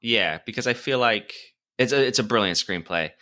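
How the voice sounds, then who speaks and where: A man with a low but bright, forceful voice tells film scenes with animation and laughs freely as he goes. He talks casually with his co-host on a podcast. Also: moderate pace. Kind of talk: casual film review chat.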